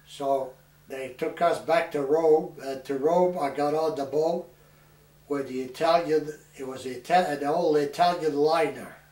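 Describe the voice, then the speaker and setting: A man in his eighties from New Hampshire, a war veteran telling his story in a plain, halting way with restarts. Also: fairly high pitch, darkish tone. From New Hampshire, USA. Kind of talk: oral history recollection. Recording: echoey room, mic far off, some noise.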